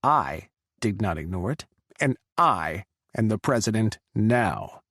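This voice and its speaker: Guy doing a smirky russian president, thick russian accent, gravelly, dry close sound. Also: lowish voice, very animated, slow pace, fairly bright tone, dry recording, heavily acted. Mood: sly. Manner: smirking, easy, cutting. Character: scheming restless male Russian president.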